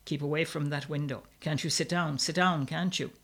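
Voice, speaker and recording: A man voicing a rough, bullying older brother who barks commands. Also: on the high side, steady tone, normal speed, fairly bright tone. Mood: gruff. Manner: gruff, commanding.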